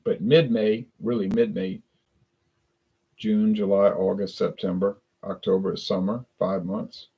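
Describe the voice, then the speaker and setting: A man's voice: lowish voice, level tone, measured pace, slightly rough, dull audio. A man from South Louisiana with a South Louisiana accent, rambling through a casual live-stream chat about drinks with lots of restarts and self-corrections.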